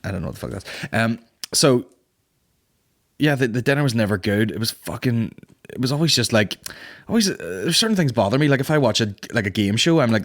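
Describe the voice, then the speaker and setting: A man's voice: on the low side, quick pace. A man hosting a comedy podcast, telling sweary stories in a casual monologue and acting out the people in them. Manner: sweary storytelling, acting out quoted voices. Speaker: podcast host.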